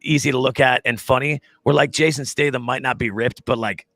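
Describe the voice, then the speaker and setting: A man's voice: mid-range voice, steady tone, a little fast, creaky, fairly bright tone, no echo. A man hosting a casual live show, joking around with his co-host and reading viewer comments. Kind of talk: casual live-stream chat.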